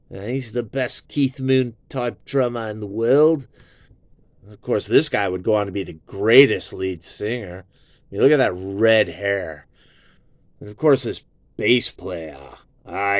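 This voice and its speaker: Slow, rambling, profane middle-aged man. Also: lowish voice, a bit bright, no echo, clean studio sound. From Southern California. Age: 50s. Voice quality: profane, meandering, full of fillers. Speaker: host of his own show. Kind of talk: casual rambling music review.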